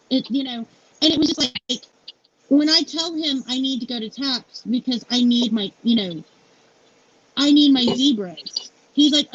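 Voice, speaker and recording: High-voiced woman telling a heartfelt story. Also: measured pace. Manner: candid and heartfelt, many fillers like "like" and "you know". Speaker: founder and CEO interviewed as guest. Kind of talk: emotional personal storytelling. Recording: dull lo-fi sound with faint noise.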